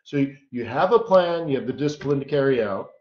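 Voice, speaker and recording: A man's voice: mid-range voice, lively intonation, fairly quick. A man coaching traders in a live-streamed lesson, talking in a casual, joking way and often tossing in "right?". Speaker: trading coach. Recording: roomy, dull lo-fi stream audio.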